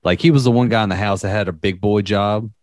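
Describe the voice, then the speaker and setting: A man's voice: lowish voice, fairly even intonation, quick pace, darkish tone, no echo, studio quality. A young man telling a story in casual chat, rambling and profane, with many fillers.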